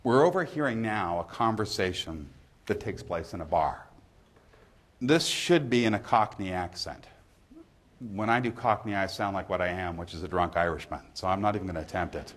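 A man who is a literature professor, giving a measured, emphatic university lecture in a lecture hall. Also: sits low, fairly bright tone.

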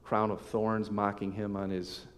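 A man preaching a sermon as pastor, reading scripture aloud with emphatic swells and sudden soft drops. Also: fairly low pitch, little pitch movement, a little slow. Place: church sanctuary. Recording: long hall reverb.

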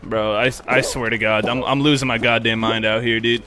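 A young man streaming a game live, excitable and swearing, swinging from loud outbursts to muttering. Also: mid-range voice, a little fast, over music. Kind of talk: live-stream gaming chat.

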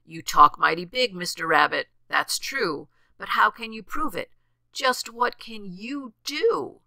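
A woman voicing a big gruff male bear who snorts and sneers. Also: medium pitch, expressive, a little slow, sharp tone, no echo, pitched above the performer's own voice, exaggerated voice. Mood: scornful. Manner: snorting, scornful.

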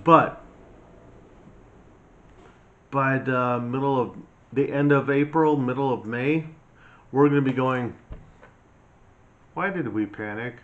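A man's voice: mid-range voice, fairly even intonation, unhurried. A man ranting in a blunt, mocking, scolding monologue as a prepper vlogger. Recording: slightly dull lo-fi sound, faint hiss.

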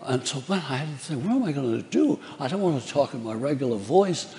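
A man's voice: mid-range voice, sing-song, quick pace, warm tone. Older man telling stories in a theater hall. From New Orleans, Louisiana. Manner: chatty, laughing, acts out quoted voices. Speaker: stage storyteller recalling his career. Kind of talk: live stage anecdote. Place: large theater.

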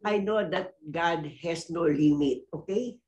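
A woman in her eighties giving a faith testimony in an interview, often pausing to search for words and laughing between thoughts. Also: fairly low pitch, a little mellow, dull audio. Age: 80s.

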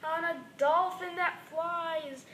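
A cheeky male turtle , voiced by a woman, drags out his words in a fake-spooky moan as he plays at being a ghost. His voice sits high and slow. It rings around an echoey room with noise behind it. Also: steady tone, bright, forceful tone, exaggerated voice. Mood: spooky, playful. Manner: fake-spooky, drawn-out moaning. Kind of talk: homemade toy comedy skit.

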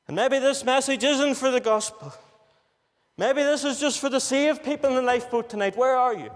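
A man preaching with earnest, pleading insistence, pressing the same questions again and again. His voice sits high. The sound carries a long reverb from a church hall. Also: a bit bright. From Northern Ireland. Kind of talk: gospel sermon.

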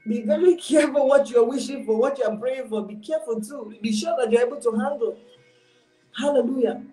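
A woman's voice: on the high side, brisk, warm tone, soft background music. A woman giving an informal, exhorting online sermon, mixing in pidgin phrases. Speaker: preacher. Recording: roomy echo.

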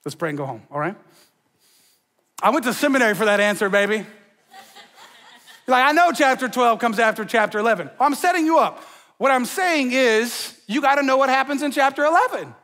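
A man preaching a sermon as a pastor in a church, energetic and joking, talking to the crowd in slang. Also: very high-pitched, a little fast, long pauses, long reverb tail. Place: church sanctuary.

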